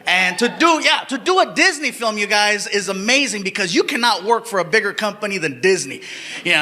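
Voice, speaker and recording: A middle-aged man doing animated stand-up storytelling on stage in a large venue, getting excitable and yelling his punchlines. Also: high-pitched, fairly quick. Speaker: stand-up comedian. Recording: live hall with long reverb.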